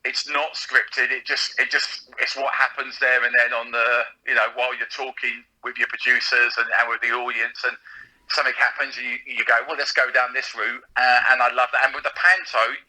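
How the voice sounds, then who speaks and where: A man talks casually in an interview, laughing often and tripping over his words as he goes. His voice is strikingly bright and sharp. It comes through a slightly tinny line. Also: mid-range voice, little pitch movement, brisk. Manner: chatty, laughing, many restarts. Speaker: panto comic and radio presenter, guest.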